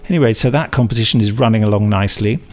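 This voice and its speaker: A man's voice: on the low side, racing. A man co-hosting a podcast in casual chat, reading out listener emails and laughing at his own slips. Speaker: podcast co-host.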